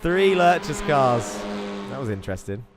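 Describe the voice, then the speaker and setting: A man commentating an online sim race, excitable and chatty, reading out viewer messages between the action. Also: medium pitch, normal speed, music in the background. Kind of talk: live esports race commentary.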